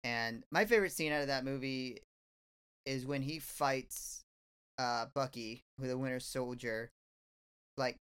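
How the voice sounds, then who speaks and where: A man on a podcast, chatting casually and excitedly about movies, with lots of fillers and restarts. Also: medium pitch, smooth. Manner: enthusiastic, rambling, many fillers. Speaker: podcast host. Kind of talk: casual film review chat.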